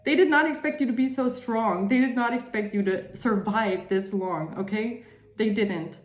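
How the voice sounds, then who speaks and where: A woman's voice: on the high side, normal speed, echoey room, faint music behind. A woman giving a tarot reading monologue, emphatic and repetitive, swearing freely. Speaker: tarot reader.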